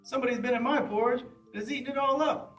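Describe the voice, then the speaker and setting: A man voicing a tiny young male bear cub with a small, sharp, shrill voice. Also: quick pace, faint music behind. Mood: upset. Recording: roomy echo, mic at a distance.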